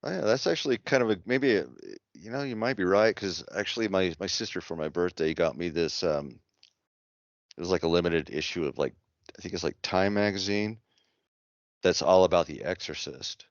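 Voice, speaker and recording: A man's voice: sits low, normal speed, no echo. A man co-hosting a podcast in casual chat, easygoing and hesitant with many fillers. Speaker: podcast co-host. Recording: dry muffled lo-fi audio.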